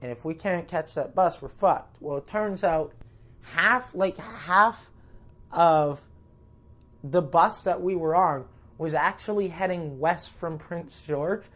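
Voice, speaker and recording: Profane rambling Canadian comedian. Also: male voice, fairly high pitch, slow, fairly bright tone. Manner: rambling, profane, self-interrupting. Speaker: comedian telling a road story. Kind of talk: casual storytelling podcast.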